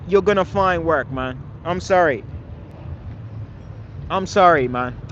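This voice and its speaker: On a live stream, a man with a high voice confronts and scolds his chat, swearing often. He repeats phrases and keeps tagging his lines with "man." The audio is dull, with a little hiss or hum.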